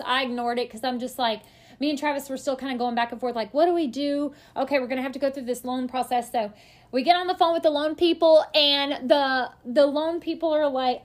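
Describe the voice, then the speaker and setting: A woman in her thirties, a podcast guest, telling a story in lively casual chat and acting out what other people said. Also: high-pitched. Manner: lively, quick to act out other people's lines.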